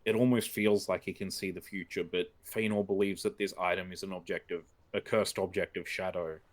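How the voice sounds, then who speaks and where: A man's voice: low-pitched, fairly even intonation, brisk, natural voice. A man playing an earnest, polite adventurer in a tabletop game, talking hesitantly with many ums and uhs. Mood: uneasy. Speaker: player. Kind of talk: in-character tabletop role-play.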